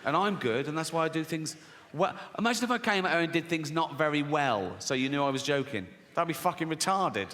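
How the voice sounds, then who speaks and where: A man's voice: a little high, animated, brisk. Sardonic, foul-mouthed male comedian. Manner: sardonic, profane, mocking. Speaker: stand-up comedian. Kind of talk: live stand-up comedy. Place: large theatre stage. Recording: echoey hall, loud audience noise.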